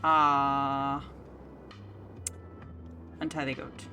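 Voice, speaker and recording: A woman's voice: rumbling low, level tone, very slow, bright, forceful tone, muffled recording, faint music behind. A woman streaming a story game, reading narration aloud and fretting in muttered asides. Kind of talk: let's play commentary and narration reading.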